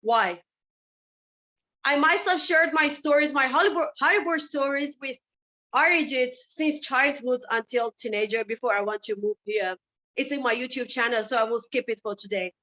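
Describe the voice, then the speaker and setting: High, bright-voiced woman giving a passionate speech. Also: moderate pace. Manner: impassioned, asks many rhetorical questions. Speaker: summit speaker. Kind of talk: personal storytelling speech. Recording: dull lo-fi recording.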